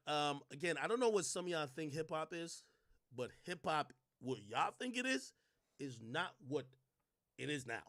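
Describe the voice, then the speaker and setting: Young man, casual rant, lively swinging pitch, bright tense voice, mocking, profane. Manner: animated, mocking, swears freely, swings from low mutters to loud outbursts. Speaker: commentary streamer. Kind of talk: casual ranting commentary.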